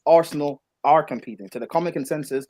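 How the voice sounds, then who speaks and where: A man's voice: on the high side, fast, a little mellow. A man in a casual football debate, insistently explaining his point. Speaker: football podcast co-host.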